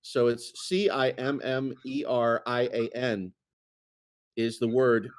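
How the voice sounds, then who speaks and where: A man's voice: medium pitch, steady tone, slow. A man co-hosting a casual chat, talking in a rambling way with many fillers and restarts. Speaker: co-host.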